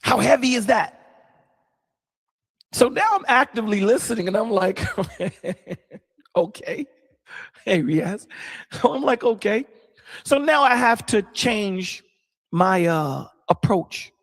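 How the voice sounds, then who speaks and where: A man who is a pastor, explaining his side in a casual debate with a measured, dryly sarcastic manner. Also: high-pitched, expressive, big-room sound. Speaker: pastor guest.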